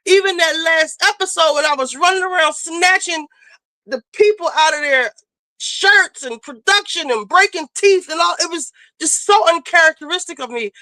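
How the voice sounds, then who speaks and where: A woman's voice: very high-pitched, moderate pace, pushed and bright, no echo. A woman hosting a casual commentary stream, talking bluntly and emphatically with plenty of profanity as she lectures. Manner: emphatic, scolding. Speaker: streamer host.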